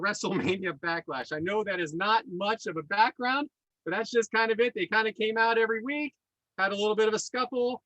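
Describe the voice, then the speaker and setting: A man hosting a podcast in casual chat, enthusiastic and quick to laugh and joke. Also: high voice, bright, forceful tone, dry recording, rough recording. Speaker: podcast host.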